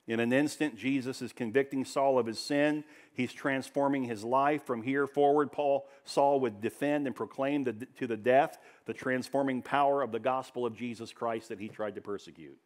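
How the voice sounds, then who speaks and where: Man preaching with big loud swells. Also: steady tone, moderate pace, hardly any pauses. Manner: preaching with swells from loud emphasis to hushed lows. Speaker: pastor. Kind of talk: sermon. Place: church.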